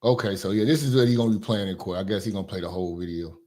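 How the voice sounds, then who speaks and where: A man's voice: on the low side, racing, a little mellow. A man hosting casual commentary who speaks bluntly and profanely in a conversational way. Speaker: commentary host.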